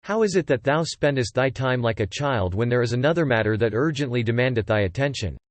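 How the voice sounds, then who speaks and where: An earnest young disciple from an ancient epic storybook, read by a man, pleading in formal archaic speech. The voice stays at a middle pitch and sounds dry and close. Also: expressive, fairly quick, no room sound, close to an everyday voice. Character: devoted young male disciple seeking vengeance on a serpent.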